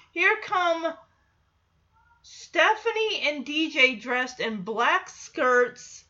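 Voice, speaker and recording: Slow, bright-voiced woman recapping a show. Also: fairly high pitch, lo-fi sound. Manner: chatty, laughs often, puts on voices for quoted lines. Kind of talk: casual recap commentary.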